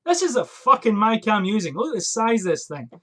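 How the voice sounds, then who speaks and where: A young man rants into a USB desk microphone from a cramped attic, swearing in frustration ahead of his fragrance review. He speaks a little fast in a high, sing-song voice with a bit of brightness.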